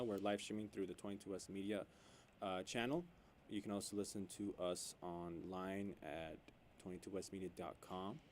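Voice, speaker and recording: A man co-hosting a radio sports show, chatting casually and getting loud and animated when worked up. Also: low-pitched, a little hiss or hum. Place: radio studio.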